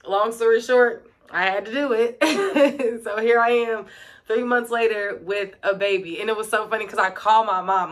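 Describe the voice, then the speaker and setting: Bright-voiced young woman, chatty vlog. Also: medium pitch. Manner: chatty, fills talk with "like" and "um". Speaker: vlogger and middle-school teacher. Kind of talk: casual storytelling vlog.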